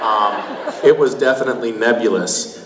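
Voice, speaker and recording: A man's voice: mid-range voice, moderate pace. A man on a convention panel answering a fan playfully, with self-mocking jokes. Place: large convention hall. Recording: echoey hall, loud crowd noise. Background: loud audience and hall noise.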